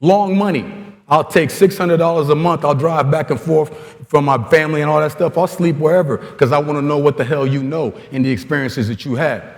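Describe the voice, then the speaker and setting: A man's voice: fairly high pitch, fairly even intonation, a little fast, in a large hall. A man from Congo gives a blunt, streetwise motivational talk to coaches, full of stories and slang. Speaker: guest speaker at a coaching clinic.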